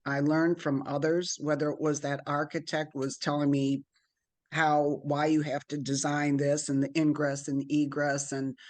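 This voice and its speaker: A middle-aged business owner, interviewed as a guest, tells lively stories from her career in a conversational way, acting out the voices of the people she quotes. Her voice sits low and moves at a moderate pace.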